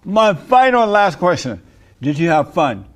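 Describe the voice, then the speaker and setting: Talk show host, male, higher-pitched voice, teasing and provocative, quick to laugh. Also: big pitch swings, slight background noise.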